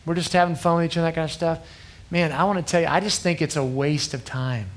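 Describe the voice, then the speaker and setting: A man's voice: fairly high pitch, steady tone, fast. A man in his thirties preaching to a youth group, earnest and conversational, often checking in with the crowd. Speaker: youth pastor.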